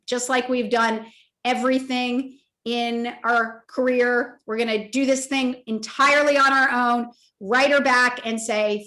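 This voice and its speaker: A woman in her fifties, an author telling a personal story in an emotional, animated way at a virtual interview event, acting out the voices in her story. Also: on the high side, measured pace. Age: 50s. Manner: animated, emotional, acts out quoted dialogue. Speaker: author and toy company co-founder. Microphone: video call.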